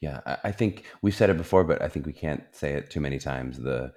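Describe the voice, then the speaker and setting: A man hosts a podcast with an extremely low, deep voice. He muses at length and encourages his guest, often pausing on "um" and "you know". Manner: warmly encouraging, musing, lots of fillers. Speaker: podcast host. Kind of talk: casual podcast interview.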